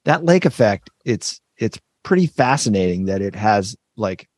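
Dry-voiced man, playful and halting. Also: fairly low pitch, sing-song, a little mellow, no echo. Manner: playful, hesitant with fillers and restarts. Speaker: podcast co-host. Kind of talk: casual chat.

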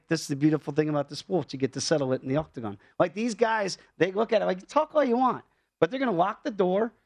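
Man, fight analyst, rapid, a bit high, dry close sound, emphatic. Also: dry recording. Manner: fast, emphatic, jumps between points. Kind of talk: sports betting talk show chat.

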